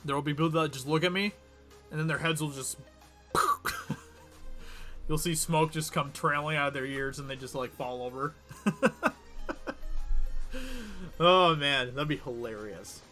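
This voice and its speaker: A man hosts a livestream, chatting casually and giggling as he answers viewers. His voice sits fairly high and bright. Faint music plays in the background. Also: measured pace, long pauses. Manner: chatty, giggly, reads chat aloud. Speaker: livestream host.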